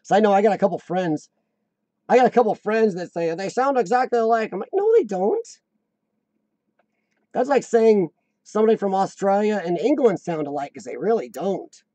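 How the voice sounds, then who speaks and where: A man's voice: high voice, fairly quick, warm tone, no echo, highs cut off. An American man hosting a live stream, rambling casually and joking to his viewers. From United States.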